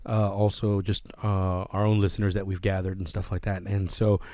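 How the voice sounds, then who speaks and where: A man with a lowish voice hosting a casual podcast interview, easygoing and quick to laugh. He asks loose, wandering questions, recorded close and dry. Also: level tone, warm tone, dry recording. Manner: laid-back, laughs along, loose questions. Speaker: host.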